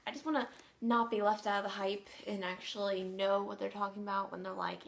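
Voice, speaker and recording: A bubbly teenage girl rambling about her latest book haul. She gushes and trails off into fillers, her voice sitting at an ordinary middle pitch for a young woman. Casual, unscripted vlog chatter. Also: flat delivery, fairly quick, vocal fry. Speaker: book vlogger.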